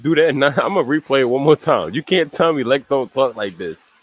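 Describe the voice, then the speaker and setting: A man's voice: mid-range voice, animated, fairly quick, no room sound, rough recording. A young man streaming casual reaction commentary, rambling in slang, repeating "you know what I'm saying" and laughing at asides.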